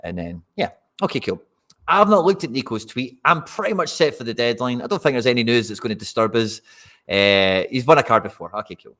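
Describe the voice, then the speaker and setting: A man's voice: mid-range voice, lively intonation, a little fast, fairly bright tone. A Scottish man hosting a live fantasy football stream, chatting casually and talking straight to his viewers. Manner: chatty, addresses viewers directly.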